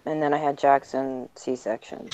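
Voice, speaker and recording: A woman's voice: extremely low pitch, fairly even intonation, a little slow, darkish tone, slight background noise. A woman giving plain, matter-of-fact updates in casual chat on a stream. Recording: muffled lo-fi stream audio.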